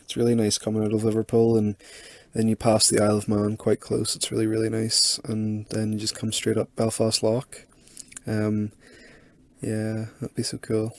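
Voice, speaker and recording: A man's voice: on the low side, completely flat delivery, moderate pace, dry recording. Young man, loose and chatty, voice-note delivery with a dry, close sound. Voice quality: soft, chatty with many fillers. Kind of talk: casual voice notes.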